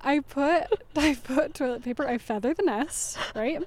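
A woman co-hosting a casual chat, telling an animated, dramatic story with frequent laughter. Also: sits high, normal speed, a little hiss or hum.

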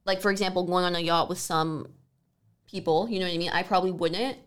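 A woman's voice: fairly low pitch, steady tone, clean tone. A young woman from Canada telling rambling party stories in casual chat, full of "like" and swearing. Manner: fast, rambling storytelling with frequent "like" and swearing.

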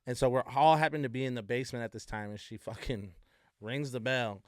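A young man co-hosting a podcast, telling family stories in an animated way, laughing often and acting out relatives' voices. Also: mid-range voice, fairly quick, dry recording, studio quality. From Iowa. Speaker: podcast co-host. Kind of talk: casual storytelling chat.

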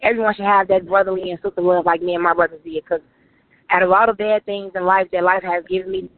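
A woman's voice: lowish voice, steady tone, fast, no room sound. A woman, telling her life story as an interview guest, emotional and full of "like"s. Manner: emotional, run-on storytelling with many "like"s. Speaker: author and guest. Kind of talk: personal testimony in an interview. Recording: tinny phone-like line.

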